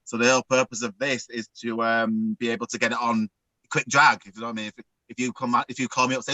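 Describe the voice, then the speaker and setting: A man's voice: medium pitch, flat delivery, fast, sharp tone, no room sound, poor audio. A man with a Northern English accent, guest drag makeup artist, chatting camply and giggling over a video call from home. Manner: camp, chatty, giggly, calls people girl and love. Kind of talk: casual video call chat. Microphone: computer mic on video call.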